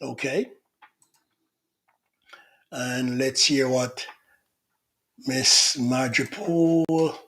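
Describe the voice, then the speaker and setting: A man's voice: medium pitch, steady tone, drawn-out words, long pauses, a bit bright. A middle-aged man hosting a casual livestream, reading out viewer comments in a chatty, teasing manner. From Jamaica. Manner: chatty, teasing, laughs often.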